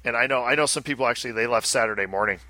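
A man's voice: mid-range voice, rapid-fire, pushed and bright, dry recording. A man co-hosting a casual podcast, rambling and chatty, often breaking off and restarting his sentences. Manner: rambling, self-interrupting, chatty. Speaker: podcast co-host. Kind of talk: casual chat.

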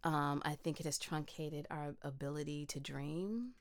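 A woman talking in an animated, casual conversation, full of "like" and loose swearing. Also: deep voice, measured pace.

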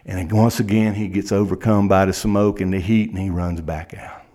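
Low-voiced Kentucky lawyer telling a story. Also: male voice, fairly even intonation, normal speed, warm tone. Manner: dramatic present-tense storytelling. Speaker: criminal defense lawyer, guest. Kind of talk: courtroom storytelling.

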